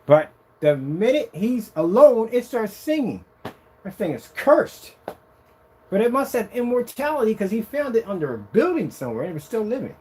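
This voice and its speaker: A man casually demonstrating a projection screen on a vlog, excited and rambling, boasting about his product. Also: normal speed, slightly rough. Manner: sings snatches of a tune in a high voice.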